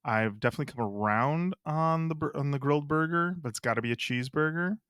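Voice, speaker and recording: A man's voice: on the high side, fast talker, fairly bright tone, smooth, no echo, studio quality. A male podcast co-host chatting casually and reading listener comments aloud in a laid-back way. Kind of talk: casual music podcast chat.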